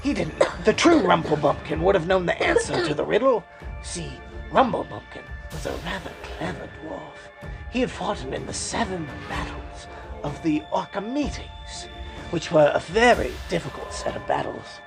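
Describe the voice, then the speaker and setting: A woman's voice: fairly low pitch, animated, normal speed, vocal fry, over music. A woman narrating a fantasy audio story in a playful, loose way.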